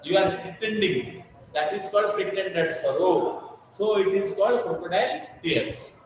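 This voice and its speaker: A man's voice: high-pitched, measured pace, slight background noise. A man teaching a class, explaining patiently with much repetition and checking that students understand. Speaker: English teacher. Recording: echoey room, mic far off.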